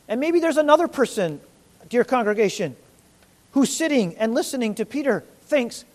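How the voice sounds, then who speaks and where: A man preaching a sermon to a congregation, earnest and rising to loud, emphatic peaks. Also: extremely high pitch, very animated, moderate pace. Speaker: pastor.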